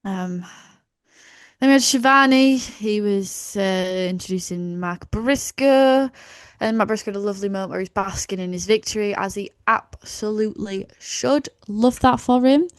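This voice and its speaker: Brief: young woman, animated casual co-host, dry close mic. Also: medium pitch, normal speed, no room sound. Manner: animated, swearing, playful. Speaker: podcast co-host. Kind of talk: casual chat.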